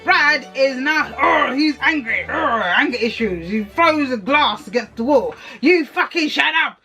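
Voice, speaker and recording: A young woman recapping and reviewing a TV series in a casual, sarcastic rant full of swearing and animated outbursts. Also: sits high, measured pace.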